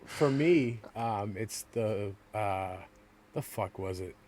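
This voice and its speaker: A man's voice: on the low side, slow pace, darkish tone. A man co-hosting a podcast in casual chat, rambling with frequent stammered restarts and swearing. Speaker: podcast co-host.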